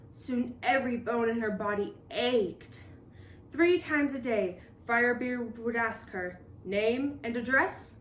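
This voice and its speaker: Expressive woman reading a picture book. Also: a little high, recorded from a distance, slight background noise. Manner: expressive, lively storytelling. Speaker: storybook reader. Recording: roomy echo.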